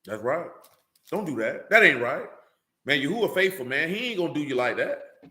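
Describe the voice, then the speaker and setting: A man preaching a fiery, blunt sermon, scolding his listeners with rhetorical questions and rising to shouts. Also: a little high, big pitch swings, moderate pace, roomy sound, slight background noise. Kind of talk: fiery street-style sermon.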